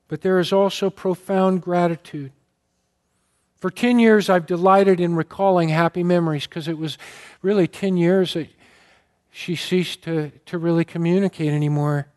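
A man's voice: high voice, steady tone, moderate pace, a little mellow. A man preaching a sermon, telling a story earnestly and with feeling. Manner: earnest, emotional storytelling, gets choked up. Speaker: pastor.

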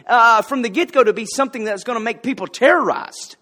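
Folksy preacher, male, high-pitched, conversational sermon delivery with light humor. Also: lively intonation, fast talker, hardly any pauses, pushed and bright, breathy edge. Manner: folksy, conversational, jokes with the congregation. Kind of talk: casual sermon with anecdotes.

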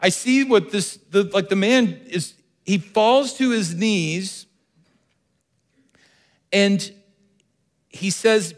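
A man's voice: high-pitched, slow pace, pauses often. Earnest male preacher in a reverberant hall. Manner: earnest, repeats key phrases for emphasis. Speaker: pastor. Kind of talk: sermon.

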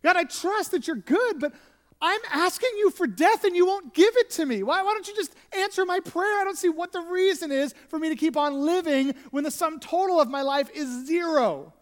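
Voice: very high voice, normal speed, big-room sound, pitched above the performer's own voice. A preacher voicing a despairing ancient man who pleads with God to let him die, in a raised, anguished voice during a sermon.

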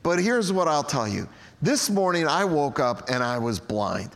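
A man's voice: on the high side, big pitch swings, a little slow. A man voicing a healed former blind man who speaks bluntly and folksy, in a reverberant hall. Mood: plainspoken.

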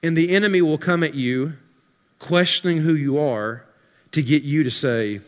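A pastor preaching a sermon to his congregation, building to shouted peaks and dropping into dry, sarcastic asides. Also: on the high side, moderate pace. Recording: live sermon in a reverberant hall.

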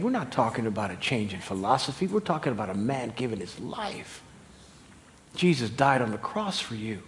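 A middle-aged man preaching a sermon, animated and humorous, swinging from loud high exclamations to quiet, low emphasis. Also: slight background noise. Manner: humorous, laughing at own stories. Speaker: pastor.

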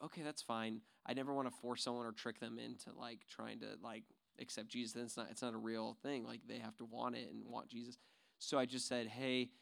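A man leading a church group, who tells an excited testimony and then rallies the group with encouragement. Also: medium pitch, vocal fry. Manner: excited storyteller, builds to rallying encouragement. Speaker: ministry leader. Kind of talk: testimony and exhortation.

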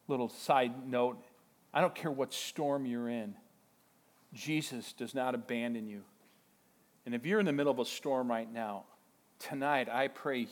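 A man preaching a sermon as pastor, retelling a story with animated excitement and frequent chuckles. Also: mid-range voice. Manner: chuckles often.

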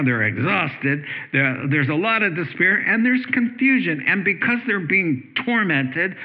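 A man pastor preaching a sermon in a conversational way, asking rhetorical questions. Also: fairly high pitch. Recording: tinny phone-like sermon audio.

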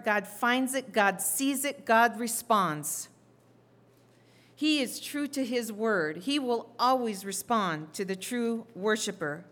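A woman preaching with a fairly high voice. She moves from plain explaining to fervent, near-shouted passages, acting out the cries of scripture figures. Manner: builds to impassioned shouting, acts out scripture voices. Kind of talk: sermon.

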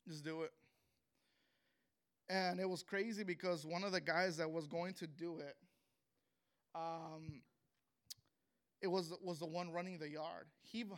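A young man tells his testimony in a high, bright voice with a clear, resonant tone. He speaks earnestly and with feeling, often stopping and starting again mid-sentence. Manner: earnest and emotional, halting with many restarts. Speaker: speaker sharing a personal testimony. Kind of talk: emotional spoken testimony.

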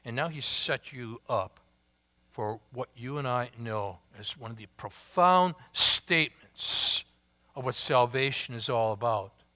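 A man preaching a sermon, slow and emphatic, drawing out key words with long pauses. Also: mid-range voice, sharp tone. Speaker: pastor.

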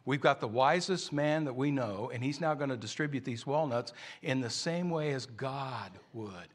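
A man's voice: medium pitch, moderate pace. A man preaching a sermon, telling a story in a conversational way.

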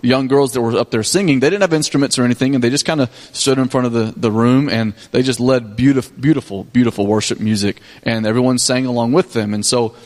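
A man's voice: medium pitch, fairly even intonation, fast, few pauses, darkish tone. A man, a pastor casually recounting a mission trip to his congregation, with many restarts and fillers. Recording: long hall reverb.

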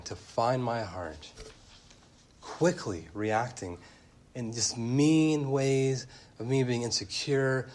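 Animated male preacher, mid-pitched voice. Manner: animated, shifting pace, rising to loud emphatic peaks. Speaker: pastor. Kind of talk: sermon. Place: church.

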